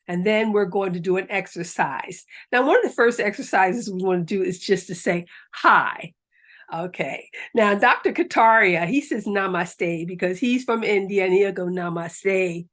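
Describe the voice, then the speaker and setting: Slow-talking woman leading laughter yoga. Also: medium pitch. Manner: upbeat, coaxing, bursts into hearty laughter. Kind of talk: guided exercise class.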